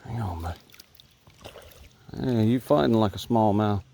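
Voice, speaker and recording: A fishing vlogger sits in a boat on a small creek outdoors, softly chatting to the fish he catches and narrating casually on an action camera. His voice is on the low side and a little slow, with vocal fry. Crickets and insects fill the background, along with a little hiss or hum.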